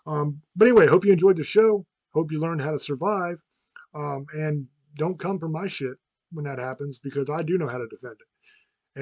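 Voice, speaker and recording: A man's voice: on the high side, a little mellow, dry recording, lo-fi sound. Profane rambling man in his fifties. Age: 50s. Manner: rambling, frank and profane, with many restarts. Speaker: podcast host. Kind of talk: casual chat.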